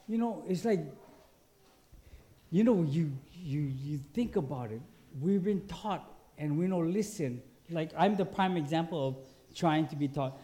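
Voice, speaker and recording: A male pastor preaching a sermon in a lively way, acting out quoted voices. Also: a little high, measured pace. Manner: animated, acts out quoted voices.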